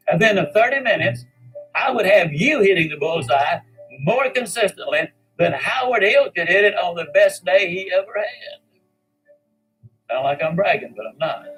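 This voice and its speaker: A man giving a folksy storytelling speech as a motivational speaker, with dramatic pauses and boastful humor. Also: high-pitched, fairly bright tone, low-quality recording.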